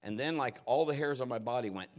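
A man's voice: mid-range voice, fast. A male pastor preaching a conversational storytelling sermon in a folksy, personal way with rambling asides.

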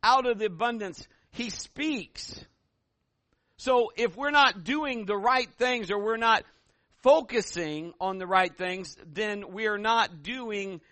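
A middle-aged man preaching a sermon as pastor, telling stories in an animated way and building to loud calls. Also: high voice, no room sound.

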